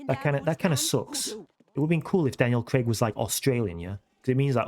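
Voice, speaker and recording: A man's voice: mid-range voice, a little mellow. A man streaming a life-sim game, chatting casually with viewers in a rambling way and ending many sentences with a questioning tag. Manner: rambling, keeps tagging "yeah?" onto sentences. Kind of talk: casual chat with viewers while playing.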